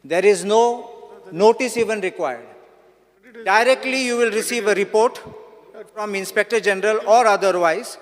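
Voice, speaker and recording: A man, speaking as a legislator and advocate, lays out legal objections point by point, citing acts and articles. His voice sits a little high. A long reverb from the assembly chamber trails his words. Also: normal speed. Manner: legalistic, cites statutes and dates.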